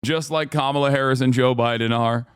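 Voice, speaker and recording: Smooth, dry-sounding profane streamer man. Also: medium pitch, brisk, no echo. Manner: profane, sarcastic, animated. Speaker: streamer reacting to videos. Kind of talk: casual streaming commentary.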